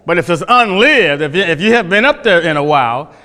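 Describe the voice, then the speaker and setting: A man's voice: high-pitched, expressive, fast talker, pushed and bright. A man teaching a Bible class, folksy, questioning his listeners, often restarting his sentences. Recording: echoey hall.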